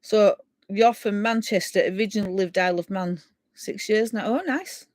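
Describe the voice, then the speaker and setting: This woman's medium-pitched voice is steady and darkish in tone, at a normal speed with no room sound. A middle-aged Yorkshire woman from England, she hosts a live stream, rambling chattily and laughing as she reads viewers' comments.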